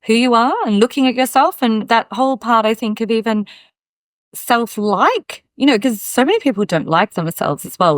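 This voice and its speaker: A woman's voice: on the high side, no room sound. A woman hosting an interview, speaking reflectively and often affirming her guest. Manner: warm reflective talk with frequent affirmations. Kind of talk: casual interview conversation.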